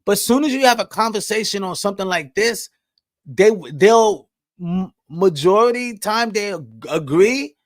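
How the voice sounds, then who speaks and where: A man in his thirties hosting a podcast alone, answering live chat in blunt, profane talk that jumps loud and high when he gets riled. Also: lively intonation, moderate pace, dry recording. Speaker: podcast host. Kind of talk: casual solo commentary reading live chat.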